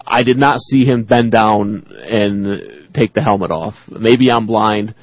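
A man's voice: fairly low pitch, slow pace, no room sound. A man co-hosting a sports radio show, chatting casually and reading listener emails aloud, laughing often. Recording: dull dry radio studio sound.

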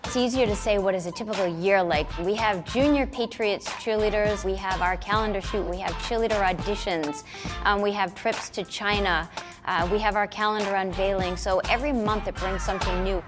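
A middle-aged woman speaks about her work with warmth and pride. Her pitch sits in a normal range for a woman. Music plays clearly beneath her voice. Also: brisk. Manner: warm, proud. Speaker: cheerleading director. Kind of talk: documentary interview.

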